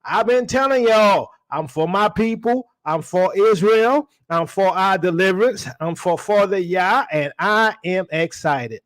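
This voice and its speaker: Preaching over a livestream, a man with a high, somewhat bright voice keeps a measured pace and rarely pauses. Slangy and casual, he calls the audience y'all and fires off rhetorical questions again and again.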